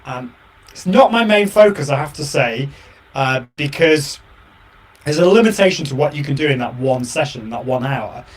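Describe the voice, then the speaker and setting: A man's voice: mid-range voice, lively intonation, normal speed. A man hosting his own live show and podcast, talking casually and enthusiastically to his viewers, with frequent repeats and fillers. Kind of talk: solo casual chat to viewers.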